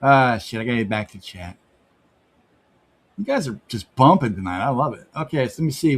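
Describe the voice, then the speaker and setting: A man's voice: mid-range voice, very animated, brisk, breathy edge. A man chatting on a live art stream, rambling and joking playfully. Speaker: livestreaming artist. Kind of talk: casual stream chat.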